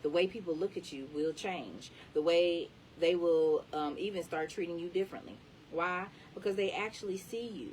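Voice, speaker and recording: A woman with a deep, low voice reads an inspirational book aloud, leaning hard into the words to encourage the listener. She sits a little back from the mic, and a faint low rumble runs underneath. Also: brisk, far from the mic, low-quality recording. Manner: emphatic, encouraging delivery. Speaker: reader.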